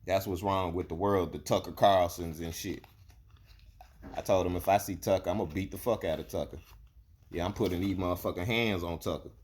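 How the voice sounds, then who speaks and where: A man's voice: low voice, fairly even intonation, fairly quick, darkish tone, breathy edge. A young man from Alabama, delivering a blunt, profane, heated rant to camera. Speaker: vlogger. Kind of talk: ranting monologue.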